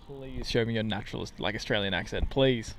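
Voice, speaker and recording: A man's voice: lowish voice, background noise. A man co-hosting a casual outdoor chat, teasing his friend and pressing him again and again. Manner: teasing, insistent, quick-fire. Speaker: guest co-host. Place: outdoors at an airport.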